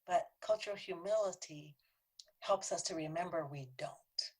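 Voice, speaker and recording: A workshop presenter with a lowish, breathy-edged voice talks to a city council at a normal pace. Her training talk is earnest and conversational, with acted-out quotes and the odd drop to a whisper for emphasis.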